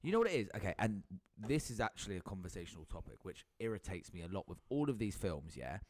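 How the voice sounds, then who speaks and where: A man's voice: deep voice, sing-song, fast talker, darkish tone, no echo. A young man co-hosting a podcast, arguing back defensively with lots of swearing. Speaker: podcast co-host. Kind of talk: casual chat.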